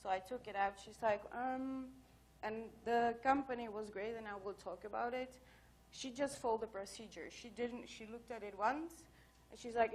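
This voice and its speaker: A woman's voice: a little high, steady tone, moderate pace, a little mellow. A woman giving a conference talk, telling anecdotes in a chatty way full of fillers. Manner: chatty, storytelling with many fillers. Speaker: conference speaker. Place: conference hall.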